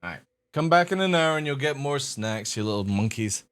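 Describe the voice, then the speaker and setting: A man streaming live, chatting casually to his viewers and coaxing his dogs with a high sing-song voice. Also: lively intonation, brisk, fairly bright tone, clear, resonant tone.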